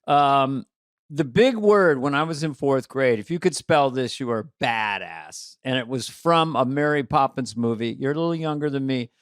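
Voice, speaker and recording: A man's voice: medium pitch, animated, moderate pace, clear, resonant tone, dry recording, studio quality. An older man co-hosting a comedy podcast, chatting casually and playfully, laughing often at his own jokes. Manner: playful, laughing, self-deprecating. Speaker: podcast co-host.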